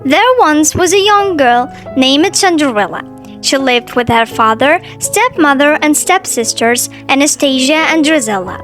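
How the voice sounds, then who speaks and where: Brief: woman storyteller, animated sing-song delivery, high voice. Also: a little slow, faint music behind. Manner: sing-song, expressive read-aloud. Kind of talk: storybook narration.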